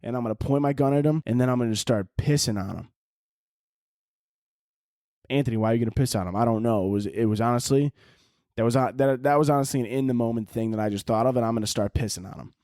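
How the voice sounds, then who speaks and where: A man hosting a solo podcast, rambling through a crude, profane comedic monologue with animated swings in his delivery. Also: mid-range voice, fast talker, no echo, clean studio sound. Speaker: podcast host.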